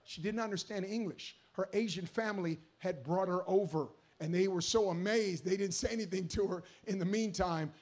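A man preaching a sermon with passion, moving between hushed storytelling and shouted appeals. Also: high-pitched.

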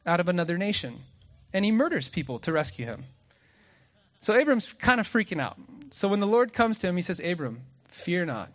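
Speaking in a high-pitched voice, a man delivers an outdoor sermon at sunset. He's lively and jokes around, often putting questions to the crowd and reading passages of scripture aloud.

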